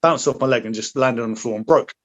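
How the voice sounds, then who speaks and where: A man's voice: medium pitch, quick pace. Guy telling army stories, swears a lot, a bit dull lo-fi sound, middle-aged. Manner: blunt, heavy swearing, acts out quoted lines. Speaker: podcast guest, former soldier. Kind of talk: casual storytelling. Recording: slightly dull lo-fi audio.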